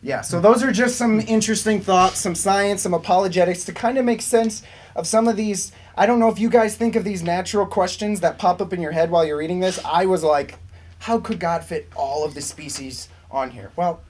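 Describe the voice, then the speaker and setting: A man's voice: high-pitched, fairly quick, darkish tone. A man teaching a youth group a casual Bible lesson, chatting with asides and questions to the group.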